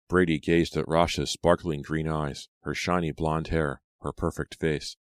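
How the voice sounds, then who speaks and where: A man reads horror narration in a steady, dramatic way. His voice sits extremely low. The recording is dry and close, with no room sound. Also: measured pace, hardly any pauses, no echo. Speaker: audiobook narrator.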